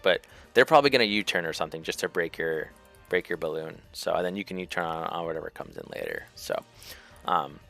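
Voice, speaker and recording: A man hosting a casual strategy chat, talking loosely and thinking out loud with lots of fillers. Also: deep voice, gravelly. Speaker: host.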